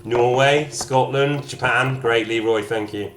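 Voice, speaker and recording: A man's voice: mid-range voice, steady tone, unhurried, music in the background. A man casually chatting to his live-stream viewers as he plays a game, reading out their comments with jokey asides. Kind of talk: casual live-stream chat while gaming.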